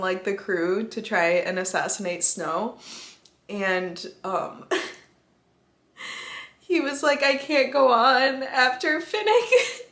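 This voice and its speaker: Giggly young woman, slow and echoey. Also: mid-range voice, fairly bright tone. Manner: giggly, casual swearing, gushing. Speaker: vlogger. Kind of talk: casual vlog chat. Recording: roomy echoey sound.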